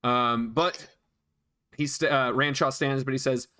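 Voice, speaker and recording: A man's voice: medium pitch, slow pace, pauses often, pushed and bright. A man narrating a tabletop game as dungeon master, hesitant, with many fillers and restarts.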